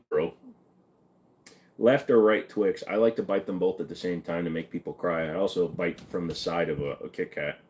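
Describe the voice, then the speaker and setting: A man's voice: low-pitched, a little mellow. A man hosting a live stream, reading viewers' questions aloud and answering them in a blunt, joking way. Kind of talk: casual live-stream chat.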